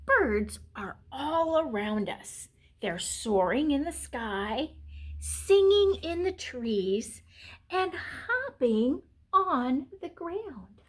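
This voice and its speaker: High, very slow storytelling woman. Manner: animated, with gasps, whispers and animal sounds. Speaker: children's book reader. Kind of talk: reading a picture book aloud to children.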